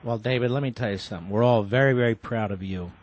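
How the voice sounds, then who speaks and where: A man's voice: mid-range voice, fast, muffled recording. A man hosting a talk radio show, speaking emphatically and interjecting often.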